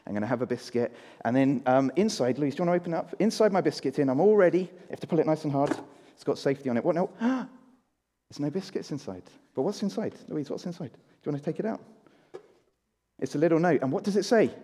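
Animated man preaching in a reverberant church. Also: fairly high pitch, quick pace, slightly rough. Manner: interactive, asks the congregation to repeat words. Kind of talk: children's talk in a church service.

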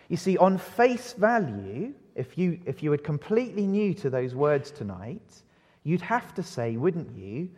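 Fairly high-voiced male preacher in a reverberant hall. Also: a little slow, slightly rough. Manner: asks the congregation rhetorical questions; lively, varies pace and loudness for emphasis. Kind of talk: evening sermon. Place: church. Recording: long reverb of a church hall.

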